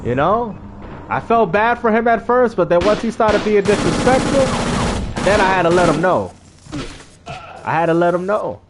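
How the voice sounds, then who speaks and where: Animated high-voiced man telling a story. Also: moderate pace, long pauses, very noisy. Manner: animated, slangy, acts out quotes with big pitch jumps. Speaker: gaming streamer. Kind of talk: casual storytelling to a stream.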